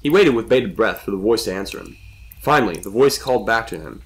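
A man reading a suspenseful story as a storyteller with steady narration. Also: on the low side, brisk.

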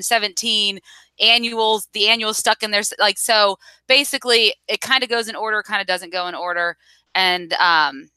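Bright, clear-voiced woman chatting casually. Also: medium pitch, no room sound, rough recording. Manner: chatty, rambling recap with fillers. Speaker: podcast co-host. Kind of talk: casual comic book discussion.

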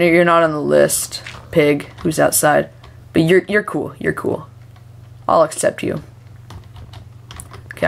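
Doing let's play commentary, a young woman with a fairly low, creaky voice chats excitedly over her gameplay, rambling to herself and the game characters. Whenever something startles her, she shrieks in frantic, high-pitched shouts.

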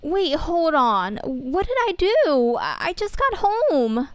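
Lady playing a confused high-voiced teen girl, stammery, talks slow. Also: very animated, no room sound, exaggerated voice. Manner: flustered, stammering protests. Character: bewildered teenage schoolgirl, best friend.

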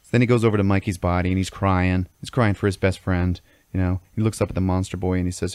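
A man with a very low voice tells a story on a podcast in a casual, profane way. He keeps stopping to check in with "okay?" and "all right?". The sound is dry and close. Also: level tone, fast, darkish tone, smooth, no room sound. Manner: swears constantly, checks in with "okay?". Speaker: podcast host telling a story. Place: podcast studio.

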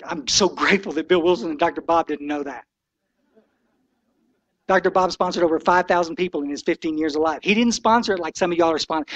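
A man's voice: high-pitched, no echo, dull audio. A man in his sixties giving an impassioned, folksy talk to a recovery meeting, preachy and blunt.

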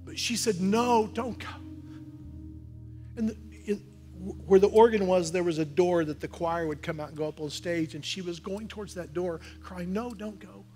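A man preaching a sermon as pastor in a church, talking earnestly and conversationally, building to forceful exhortation. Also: high voice, fairly quick, soft background music. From Oklahoma, USA. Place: church sanctuary.

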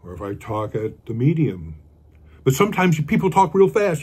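A man's voice: on the high side, sing-song, moderate pace, darkish tone, husky. An older man giving a casual guitar lesson, rambling and counting beats aloud as he plays. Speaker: guitar teacher.

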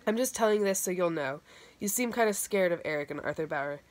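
Woman reader voicing a steady teenage farm boy, matter-of-fact, lowish voice. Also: brisk, natural voice. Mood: calm. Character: calm confident teenage boy farm worker.

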